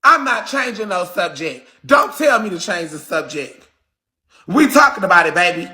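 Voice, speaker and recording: A man hosting a livestream, delivering a heated, confrontational rant with shouting and cursing. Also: sits high, big pitch swings, moderate pace. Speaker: livestream host.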